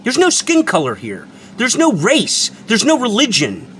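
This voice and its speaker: Here the host's voice is very high-pitched and swings hugely in pitch, moving at a measured pace with a slightly bright quality against faint background noise. A man who reviews products on his own channel, he rants without a script, lecturing viewers emphatically, repeating himself and swearing freely.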